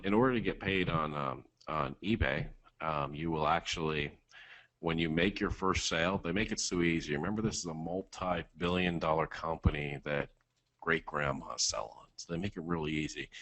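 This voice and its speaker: A man's voice: low voice, moderate pace, a bit bright, no echo. A man co-hosting a webinar, laid-back and teasing, with plenty of ums, heard over an online call mic. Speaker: webinar co-host.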